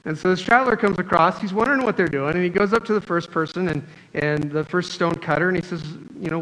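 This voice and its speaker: A man's voice: high-pitched, fairly quick, a bit bright, low-quality recording. A man preaching a sermon as pastor, talking in a conversational, joking storytelling way. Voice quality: wears glasses, astigmatism.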